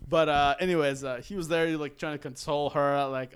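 Young guy telling a school story to a friend, kinda high voice, acts out the quotes. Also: fairly even intonation, a little fast, clear, resonant tone. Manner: laughing storyteller, acts out quotes, swears freely. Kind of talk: casual storytelling chat.

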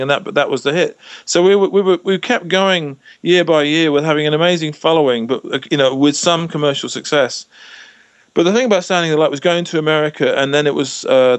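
A musician guest from England tells stories in a casual video-call interview, chatty and full of restarts and "you know." His voice is a little high, with no echo.

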